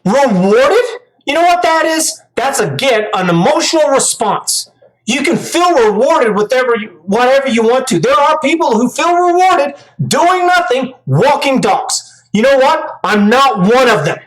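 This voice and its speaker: A woman's voice: high-pitched, lively intonation, unhurried, low-quality recording. A woman commentator giving angry reaction commentary, ranting, profane and scolding.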